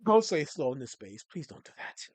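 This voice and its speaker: A man's voice: a little high, fairly quick, slightly rough, dry recording. A man hosting a casual live stream, scolding his chat with plenty of swearing. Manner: scolds chat, profane, animated. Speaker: streamer and host.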